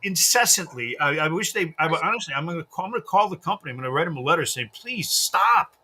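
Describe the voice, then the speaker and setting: A man's voice: fairly high pitch, lively intonation, rapid-fire, pushed and bright, breathy edge. A man hosting a sports radio show, chatting casually and ranting with profanity and mocking impressions.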